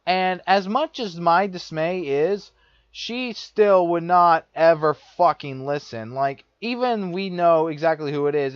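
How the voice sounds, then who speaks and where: A man's voice: on the high side, animated, unhurried, smooth, dry recording. A young man vlogger telling a personal story in a profane, repetitive, exasperated rant. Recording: dull lo-fi dry recording.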